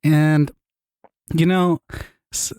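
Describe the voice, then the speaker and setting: A man hosting a podcast, telling stories in casual chat, animated, often laughing and swearing. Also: on the high side, drawn-out words, smooth, no echo, studio quality. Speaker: podcast host.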